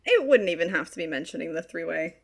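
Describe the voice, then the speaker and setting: A woman's voice: lowish voice, lively intonation, fast, vocal fry. A woman playing a tabletop game, chatting casually, giggling often and swearing freely. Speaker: player.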